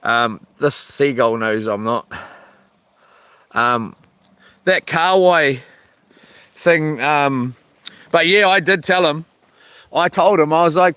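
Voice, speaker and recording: A New man talks into his phone outdoors at a waterside camp, sounding relaxed and rambling. His voice sits a little higher than most men's. He fills his talk with ums and slang, as if chatting with a mate. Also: slow pace, long pauses, smooth, dry recording. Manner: rambling, laid-back, with many ums and slang. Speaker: vlogger. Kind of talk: casual chat. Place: outdoor island campsite by the water.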